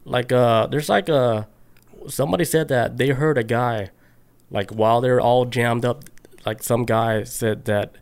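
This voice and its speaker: A man's voice: mid-range voice, unhurried, clear, resonant tone. Man, mid-range voice, laid-back, rambling, filler-heavy podcast talk. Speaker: podcast co-host. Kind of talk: casual podcast chat.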